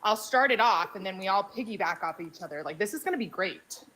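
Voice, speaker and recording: A woman in casual chat. She talks excitedly, laughs often and swears. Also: medium pitch, a little fast. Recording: faint background noise.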